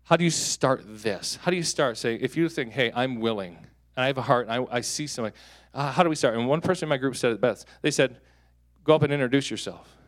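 A man in his thirties preaching a sermon as a pastor. He tells stories with jokes and breaks into sudden loud peaks. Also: medium pitch, quick pace. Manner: animated, joking storyteller with sudden loud peaks. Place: church hall.

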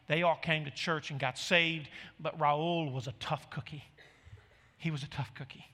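A middle-aged man, a pastor, telling stories during a sermon in an animated, emphatic way. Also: a little high, normal speed, in a large hall. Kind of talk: sermon storytelling.

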